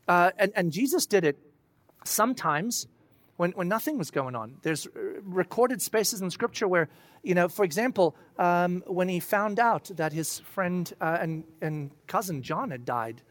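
A preacher giving a sermon, telling the story in an animated way and acting out voices, then dropping to a soft, low voice for serious points. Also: measured pace, dry recording.

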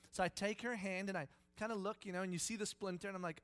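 An animated preacher in his thirties tells a story from the pulpit, swinging from quiet asides to loud acted-out lines. His speaking voice sits a little high for a man, and he laughs as he goes. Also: fast talker, hardly any pauses. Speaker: pastor. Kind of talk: sermon storytelling.

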